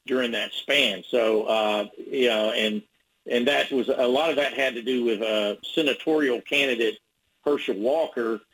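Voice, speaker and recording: A man's voice: mid-range voice, unhurried, fairly bright tone, breathy edge, rough recording. A man, a sports reporter, telling a story as a radio guest, rambling with many restarts.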